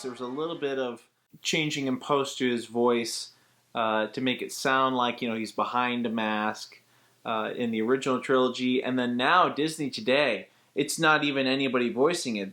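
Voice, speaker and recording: A male voice actor talks through a vocal technique in a casual tutorial, at a middling pitch. He explains things step by step in a relaxed, chatty manner, like a teacher walking students through an exercise.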